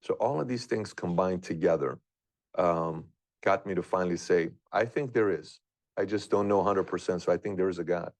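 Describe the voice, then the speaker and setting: Speaking at a moderate pace in a low-pitched voice, a man in his thirties shares a personal story as a guest. His delivery is earnest, questioning, and rambling, full of doubt, and the recording is dry.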